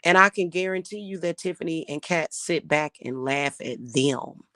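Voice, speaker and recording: A woman's voice: deep voice, moderate pace, sharp tone, no room sound. Profane, scornful woman ranting close to the mic. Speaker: spiritual reader and vlogger. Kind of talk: angry ranting monologue.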